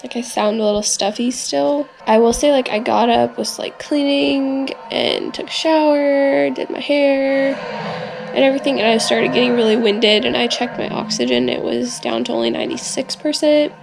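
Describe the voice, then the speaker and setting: Still recovering from illness and quick to tire, this young vlogger rambles through a bedroom video diary filmed on her own camera, leaning on "like" and "um." She sounds a little high, animated and creaky, talking fairly quickly with hardly any pauses.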